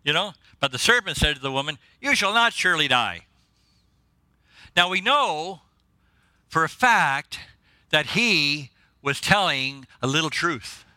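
Excitable man preaching a sermon. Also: fairly high pitch, a little slow, no room sound. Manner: excitable, jokey, laughs at his own lines. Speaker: guest preacher. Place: church.

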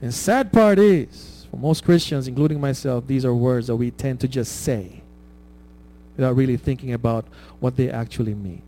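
A man's voice: mid-range voice, moderate pace, mellow, slight background noise, low-quality recording. A man preaching a conversational sermon, checking in with his listeners with "right?" and laughing at his own stories. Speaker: pastor.

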